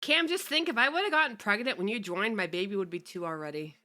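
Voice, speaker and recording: A young woman VTuber chats casually on her livestream, greeting viewers and cursing offhandedly. She talks quickly in a medium-pitched, animated and sharp-toned voice.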